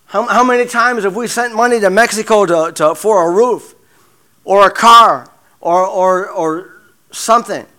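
A man preaching a sermon, halting often with repeated words and fillers, sometimes dropping to a hushed murmur. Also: high-pitched. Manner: drops to a hushed murmur in prayer.

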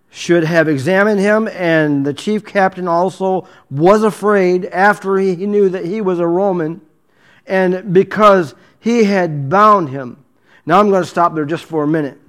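A man preaching a storytelling sermon, retelling a scene with acted dialogue, stumbling and restarting often and sinking to a low, quiet voice for intimate points. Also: a little slow.

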